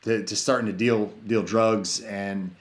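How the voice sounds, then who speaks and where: Low-voiced man telling his life story. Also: steady tone, a little slow. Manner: earnest, rambling, full of "you know" fillers and restarts. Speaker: podcast guest. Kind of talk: personal testimony in casual conversation. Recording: roomy echo.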